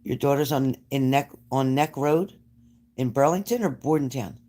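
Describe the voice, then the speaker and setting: A man with a dark-toned, medium-pitched voice talks at a normal pace while hosting a livestream. Originally from New Jersey, he's chatty, reading out viewer comments and responding to each.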